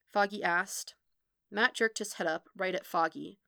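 A woman reading fan fiction aloud as audiobook narration, with expressive delivery that quickens in the tense scenes. Her voice is bright and of middling pitch, in a dry, close recording. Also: gravelly, clean tone, no echo. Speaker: podfic reader.

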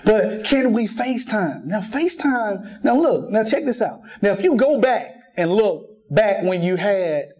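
In a church sanctuary, a man whose voice sits high delivers a sermon at a measured pace with few pauses. He keeps it lively with jokes, stories, and plenty of repetition.

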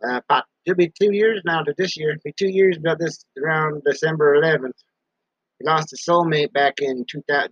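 Casual male host who rambles from his basement, high bright voice, dry muffled sound. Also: dry recording. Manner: talks about himself in third person, repeats words. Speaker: podcast host.

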